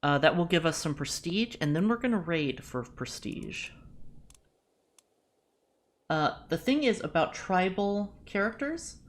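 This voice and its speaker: A woman streamer giving live commentary as she plays, chatty and thinking out loud, with jokey self-deprecating asides. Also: sits low. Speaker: VTuber streamer.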